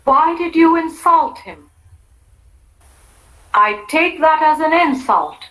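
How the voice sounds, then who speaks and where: A woman's voice: sits high, animated, takes it slowly, fairly bright tone, poor audio. A woman reading example sentences for a language-lab exercise, carefully enunciated.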